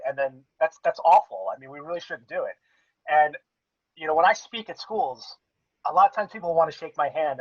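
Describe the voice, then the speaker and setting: Higher-pitched man explaining, lo-fi. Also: dry recording. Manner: explains at length with many restarts. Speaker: podcast co-host. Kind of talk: casual podcast chat.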